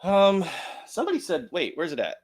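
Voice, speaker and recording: An American man hosting a live stream, reading chat messages aloud in a relaxed, joking way. His voice rises and falls animatedly as he rambles on. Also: high-pitched, brisk. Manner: lively, joking, chatty. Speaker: livestream host. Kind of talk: casual chat, reading donations.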